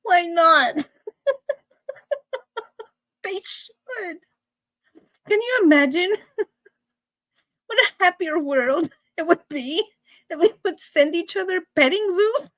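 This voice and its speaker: A woman's voice: very high-pitched, animated, takes it slowly, long pauses, a bit bright, dry recording. A middle-aged woman, hosting a weekly live show and chatting casually with viewers, laughing between nearly every line.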